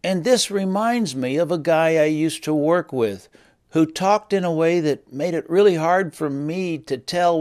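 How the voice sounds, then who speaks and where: A male teacher talks kids through a lesson in a wry, chatty manner, with a fairly high voice. The recording is dry and close, with no room sound. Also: unhurried, a little mellow, dry recording. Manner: wry, conversational storytelling. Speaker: language teacher. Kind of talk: children's lesson narration.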